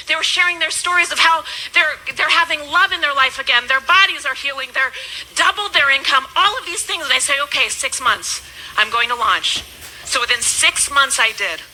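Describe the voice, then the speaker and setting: A business coach in her thirties gives an emphatic motivational speech, her high voice swinging between loud and hushed. The recording is low quality.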